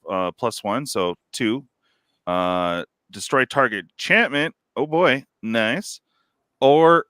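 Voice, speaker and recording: A middle-aged man hosting a casual podcast chat, relaxed and laughing, with lots of fillers. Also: medium pitch, smooth, no echo, clean studio sound. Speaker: host.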